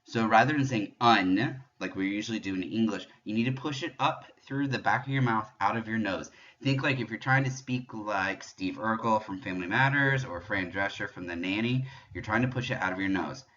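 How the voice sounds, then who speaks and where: A man giving a patient pronunciation lesson, explaining French sounds step by step and demonstrating them slowly. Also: lowish voice, fairly bright tone, dull audio. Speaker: French teacher.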